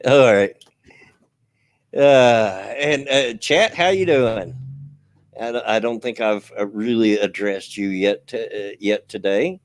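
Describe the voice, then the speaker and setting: Older guy talking to his chat, kinda low voice, lots of uhs, no room sound. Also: no echo. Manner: relaxed, halting, with many fillers. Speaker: streamer and co-host. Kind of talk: casual chat to a live audience.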